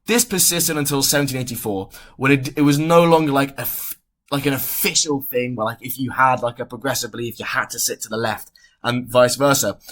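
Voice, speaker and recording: A man's voice: medium pitch, fairly quick, fairly bright tone. Casual self-correcting male explainer. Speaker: educational podcast host. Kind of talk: explainer talk.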